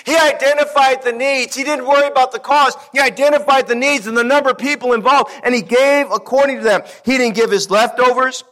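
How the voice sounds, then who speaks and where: A man's voice: very high-pitched, fast, few pauses, sharp tone. A man preaching a sermon as pastor, emphatic, stretching out scripture lists and repeating words as he builds each point.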